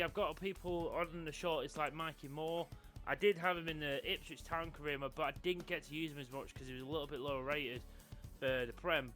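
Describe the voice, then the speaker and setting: A man's voice: on the high side, fairly bright tone. A man giving chatty, rambling commentary over a football video game. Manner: chatty, rambling, with frequent restarts. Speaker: gaming channel host.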